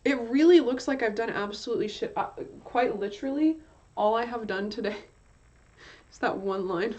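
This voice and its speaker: A woman's voice: on the high side, normal speed. Rambling woman streamer, self-mocking. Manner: tries out playful put-on accents. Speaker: art streamer. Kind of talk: casual live-stream chat while drawing. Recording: slightly dull stream audio with soft music behind. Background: quiet chill-hop music.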